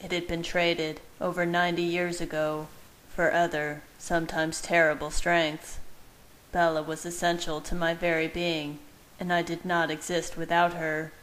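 Woman calmly reading fan fiction aloud. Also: fairly low pitch, normal speed, poor audio.

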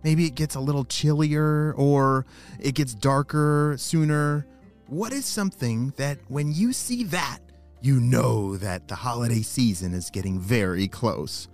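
A man's voice: medium pitch, measured pace, soft background music. A man narrating a children's story and talking to young listeners. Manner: animated, talks to young listeners.

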